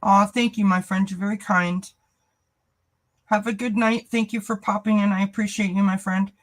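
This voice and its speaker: On a low-quality recording, a tarot reader runs a casual live stream for her channel in a mid-range voice with fairly even intonation and a moderate pace. She welcomes viewers by name and laughs frequently.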